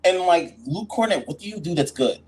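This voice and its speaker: A man's voice: on the high side, expressive, fast talker, a little mellow, poor audio. Slangy man with faint background hiss. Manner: blunt, slangy critique. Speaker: podcast host. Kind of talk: casual sports chat.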